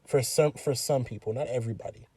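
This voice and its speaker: A man's voice: mid-range voice, fast, mellow, breathy edge, no echo. Blunt young man chatting in a car. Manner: blunt, repeats his points, teasing. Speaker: podcast co-host. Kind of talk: casual chat. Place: inside a car.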